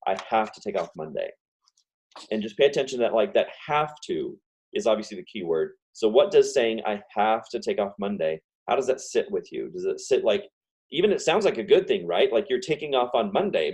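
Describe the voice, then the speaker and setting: A man giving a casual self-help talk on a video call. He talks fast and repeats example phrases over and over. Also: mid-range voice, dark tone, husky. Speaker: guest speaker.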